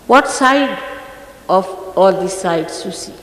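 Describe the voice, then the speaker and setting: A woman's voice: medium pitch, animated, slow pace, a bit bright. Stern woman teacher, echoey old recording. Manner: stern and admonishing, emphatic. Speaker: spiritual teacher. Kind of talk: scolding spiritual talk to followers. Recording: echoey archive recording from a hall, faint noise.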